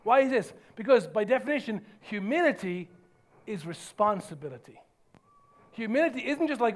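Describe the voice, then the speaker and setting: A man preaching a sermon as pastor, emphatic and earnest, dropping to soft low lines for effect. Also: animated, normal speed.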